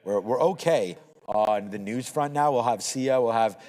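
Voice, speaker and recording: A man's voice: mid-range voice, normal speed, a little mellow, long reverb tail, low-quality recording. Rambling man, casual market talk. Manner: casual, rambling, thinks aloud with fillers. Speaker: trading show host. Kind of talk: live market commentary chat.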